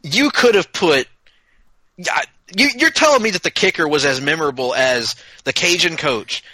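A man co-hosting a casual TV recap chat, talking enthusiastically in quick bursts with frequent restarts. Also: on the high side, expressive, pushed and bright, no room sound, low-quality recording. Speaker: podcast co-host.

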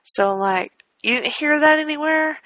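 Animated, laughing podcast co-host woman. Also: high-pitched, no echo, low-quality recording. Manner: animated and quick to laugh, with lots of fillers. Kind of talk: casual chat.

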